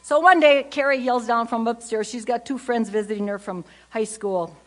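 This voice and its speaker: An older woman speaks to a conference audience in a humorous, storytelling way. Her voice sits on the higher side, and she talks in a chatty manner, acting out family anecdotes as she goes. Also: moderate pace.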